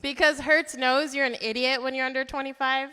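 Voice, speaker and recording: A woman's voice: high-pitched, steady tone, brisk, bright, forceful tone, clear, resonant tone. A young woman in her twenties doing a stand-up comedy set, brash with crude punchlines. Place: comedy club stage. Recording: reverberant comedy club hall.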